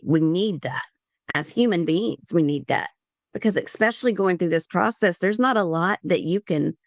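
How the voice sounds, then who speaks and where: A woman from Georgia telling her story as a podcast guest, earnest and halting with many restarts. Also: on the low side, creaky, no room sound, studio quality. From Columbus, Georgia, US. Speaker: podcast guest, liver transplant recipient. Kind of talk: candid conversational storytelling.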